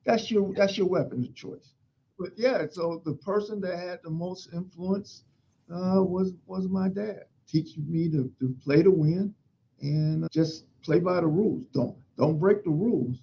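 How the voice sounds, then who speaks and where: A middle-aged man from Pennsylvania, a fire chief, telling stories in an interview in an emphatic, animated way. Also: sits high, measured pace, creaky, slightly rough, lo-fi sound. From Pennsylvania, USA. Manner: emphatic, animated storytelling with acted-out quotes. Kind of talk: storytelling in an interview.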